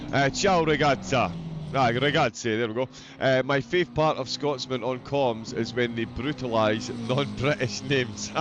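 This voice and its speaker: A man's voice: mid-range voice, noisy background. A man with a Scottish accent giving live commentary on a sim race, chatty and joking as he reads out viewer messages. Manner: chatty, jokey, reads out chat.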